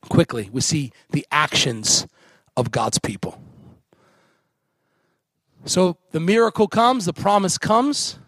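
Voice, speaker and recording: A middle-aged man preaching a sermon as guest pastor, animated and jokey, mimicking mockers in a put-on voice. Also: a little high, no echo, studio quality. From United States.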